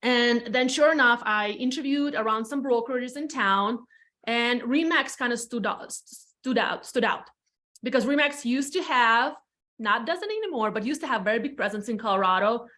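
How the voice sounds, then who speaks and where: Latvian-accented woman in her 30s, kinda high voice, chatty and blunt, drops a swear here and there. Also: lively intonation, moderate pace, bright, forceful tone. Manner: frank and chatty, swears casually, repeats phrases for emphasis. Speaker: podcast guest, real estate team leader. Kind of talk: candid storytelling chat.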